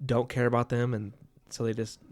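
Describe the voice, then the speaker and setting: A man's voice: mid-range voice, flat delivery, a little fast, darkish tone. A man co-hosting a podcast, thinking aloud about a book in casual chat, often stammering and repeating words. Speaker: podcast co-host.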